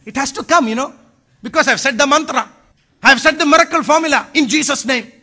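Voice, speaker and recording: A man preaching a sermon as pastor, now and then raising his voice to a shout. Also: very high-pitched, brisk. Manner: preaching with bursts of shouting, mixes in Malayalam phrases.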